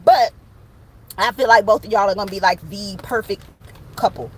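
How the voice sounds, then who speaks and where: A woman's voice: mid-range voice, moderate pace, darkish tone, breathy edge, low-quality recording. A woman giving a casual online tarot reading from a truck, slangy and profane, joking and acting out little scenes. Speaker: tarot reader. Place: in a parked truck with the window open.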